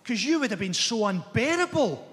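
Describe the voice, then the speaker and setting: A man's voice: very high voice, sing-song, normal speed, fairly bright tone. A Scottish man doing stand-up comedy with a dry, sardonic delivery. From Scotland. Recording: broadcast from a live hall with audience. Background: audience laughter.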